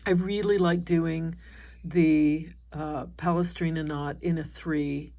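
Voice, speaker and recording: A woman teaching an embroidery stitch step by step, talking calmly as she works by hand. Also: sits low, slow pace, creaky. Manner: calm, explains while stitching by hand. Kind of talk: step-by-step craft tutorial.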